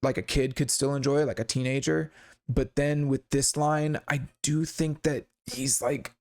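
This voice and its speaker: This male host of a songwriting channel speaks at normal speed with medium pitch, a steady tone and a darkish quality. His song breakdown is loose and rambling, packed with fillers and restarts, candid and occasionally profane.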